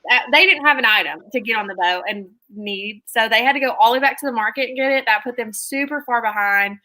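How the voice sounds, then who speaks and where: A woman's voice: a little high, fast, pushed and bright. A young woman co-hosting a reality TV recap, chatting casually and gushing with lots of "like" fillers.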